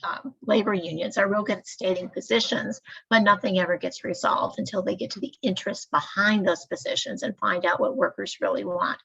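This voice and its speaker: Woman trainer, measured and explanatory, gravelly husky voice, dull lo-fi recording. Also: mid-range voice, fairly even intonation, a bit bright. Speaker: staff trainer.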